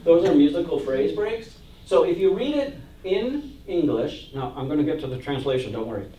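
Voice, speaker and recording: A man's voice: on the high side, sing-song, normal speed, warm tone. A male church music minister and organist gives a chatty, joking class talk. He reads hymn verses aloud and laughs often. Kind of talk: informal lecture to a church adult class. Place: church meeting room. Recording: roomy echo, voice from far off the mic.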